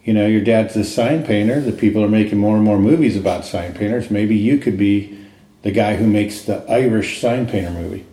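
Male interviewer, mellow and relaxed, asks easygoing encouraging questions; recorded in an echoing room. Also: on the low side, fairly quick. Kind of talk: casual interview chat.

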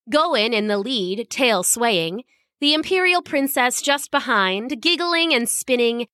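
A woman host narrating a children's storybook in a lively, expressive way. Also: on the high side, dry recording, studio quality.

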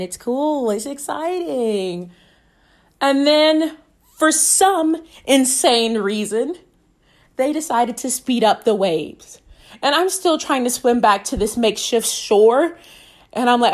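A woman's voice: on the high side, lively intonation, unhurried. A woman in her twenties hosting a podcast, telling a personal story casually and acting out her own quoted lines with laughs. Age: 20s. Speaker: podcast host.

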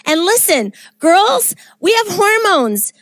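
A woman's voice: extremely high pitch, very animated, takes it slowly, fairly bright tone, no echo. A woman minister preaching to young people in a fervent, exhorting way, mixing in stories.

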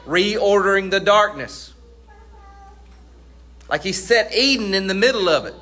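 His voice a little high with a sharp edge, a middle-aged pastor preaches emphatically. He quizzes the congregation and supplies the answers himself, lingering slowly over key phrases to lend them weight.

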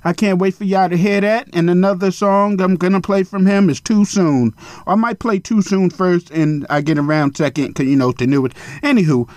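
A high-voiced man talks on his own podcast in a loose, rambling rant. He is blunt and swears freely, and his voice sits dry and close to the mic. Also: normal speed, darkish tone, no room sound. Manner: mocking high-pitched impressions of others. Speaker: podcast host. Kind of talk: casual solo podcast monologue.

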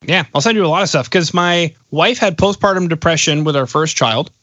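A man in his thirties hosts a podcast in a loose, rambling way and slips jokes in between reflective thoughts. His voice sits a bit high for a man. The sound is dull and dry, with almost no room. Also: fairly quick, fairly bright tone, no room sound. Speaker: podcast host. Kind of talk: casual interview chat.

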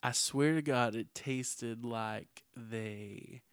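A man's voice: medium pitch, extremely slow, smooth, no echo. A man co-hosting a podcast, telling a rambling story in casual chat and laughing as he goes. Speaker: podcast co-host.

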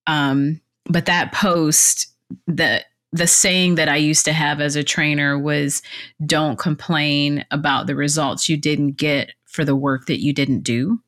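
A woman with a low voice speaks slowly as a podcast guest; she's a clarity coach and fitness instructor. Chatting casually, she tells stories animatedly, laughing often and acting out quotes.

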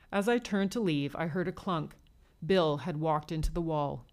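A woman narrating an adult short story in the first person, in a cool, measured reading. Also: low-pitched, a little mellow.

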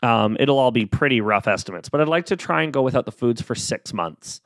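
A man's voice: mid-range voice, expressive, a little fast, dry recording, studio quality. A man hosting a solo podcast, talking casually and rambling with lots of fillers and self-amused asides. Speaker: podcast host.

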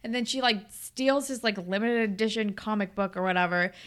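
A woman co-hosting a podcast, casually recapping a TV episode and acting out the characters' lines. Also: mid-range voice. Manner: acts out characters' lines in quick voices. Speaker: podcast co-host.

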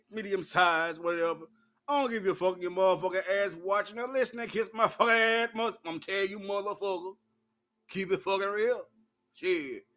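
A brash man with a fairly high voice hosts his own uncensored talk show. He swears freely, laughs often and tells his stories with loud, unfiltered bluntness. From Memphis, US. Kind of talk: uncensored solo monologue.

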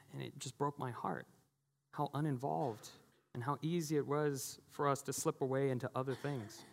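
A pastor in his thirties gives a conversational sermon in a church sanctuary, telling stories, laughing often and leaning on "you know." His mid-range voice is creaky, with fairly even intonation and a normal pace. A long church-hall reverb colors the recording.

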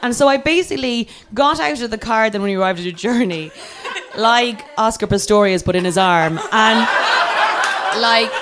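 A young Irish woman telling a comic personal story, lively and self-mocking, acting out the voices she quotes. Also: a little high, moderate pace. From Ireland.

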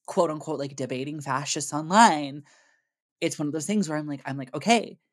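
Low-voiced woman ranting on a podcast. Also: fairly quick. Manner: profane, emphatic ranting. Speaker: podcast co-host. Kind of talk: casual chat.

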